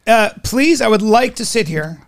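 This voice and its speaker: High, gravelly man arguing. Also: lively intonation, moderate pace. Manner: argumentative, rambling, swears a lot. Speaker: podcast co-host. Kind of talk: casual comedic podcast banter.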